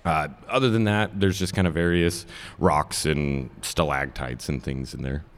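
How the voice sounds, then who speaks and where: A man narrating as dungeon master for a live tabletop game, relaxed and chuckling with fillers. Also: a bass voice, a little slow.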